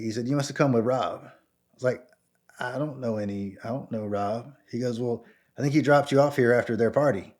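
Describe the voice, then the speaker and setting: A middle-aged man from Georgia telling a personal anecdote casually, acting out dialogue with jumps in his voice and lots of "like" and restarts. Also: a little fast. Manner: animated, acts out both sides of dialogue with pitch jumps; frequent "like" and stammered restarts. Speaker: storyteller guest.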